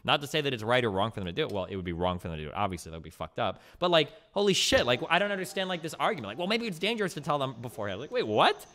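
A man's voice: medium pitch, very animated, racing, hardly any pauses, bright, forceful tone. A man streamer arguing heatedly, swearing freely and filling his talk with "like". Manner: argumentative, swears freely, full of "like". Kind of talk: heated debate.

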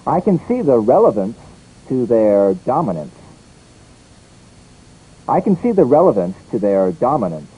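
A man's voice: mid-range voice, unhurried, pauses often, breathy edge, narrow, tinny audio. A man leading a scripted English pronunciation drill, saying each word and sentence twice. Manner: lively, repeats each word and line twice.

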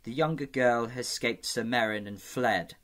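A man reads the part of a sly, courtly eunuch spymaster. His voice is medium-pitched, fairly bright and moderately paced, raised a bit above his own natural voice yet still close to everyday speech.

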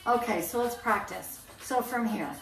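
A woman's voice: a little high, normal speed, recorded from a distance. A woman fitness instructor leading a band workout, counting down reps with upbeat cues and chatty asides. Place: indoor room, filmed alone. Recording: echoey room, off-mic, faint music.

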